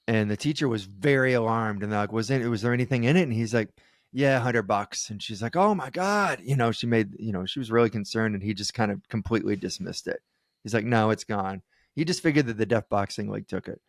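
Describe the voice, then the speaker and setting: A man's voice: lowish voice, a little fast, no room sound, studio quality. A man co-hosting a comedy podcast, telling stories in casual chat, acting out quoted people and laughing often. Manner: storytelling, acts out quoted voices, laughs often. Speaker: podcast co-host.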